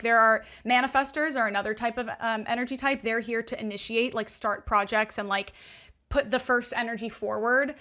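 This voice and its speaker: A woman's voice: fairly high pitch, pushed and bright. A young woman, a guest coach on a podcast, explaining astrology in chatty, upbeat casual talk full of "like". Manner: chatty, upbeat, heavy use of "like".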